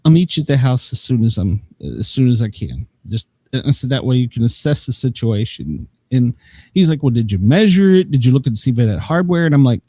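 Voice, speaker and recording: A man's voice: medium pitch, animated, fairly quick, mellow, breathy edge, dry recording. A man telling a long, rambling story in casual chat as a show host, laughing often. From Southern United States.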